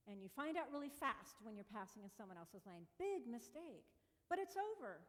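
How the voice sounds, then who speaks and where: Woman, pastor, storytelling sermon, higher voice, long hall echo. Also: big pitch swings, moderate pace, fairly bright tone. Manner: conversational, acts out her own exclamations. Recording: long reverb of a church hall.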